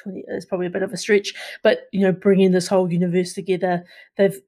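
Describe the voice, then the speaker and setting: A woman's voice: fairly low pitch, little pitch movement, fast talker, warm tone. A woman co-hosting a podcast, sharing film news in a casual, hesitant way with many restarts. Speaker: podcast co-host. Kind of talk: casual pop-culture news chat.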